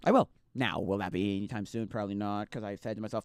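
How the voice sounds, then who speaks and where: A young man streaming casual chat, rambling and restarting, swinging between loud outbursts and quiet mumbles. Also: lowish voice, lively intonation, a little fast, clean tone, no room sound, studio quality.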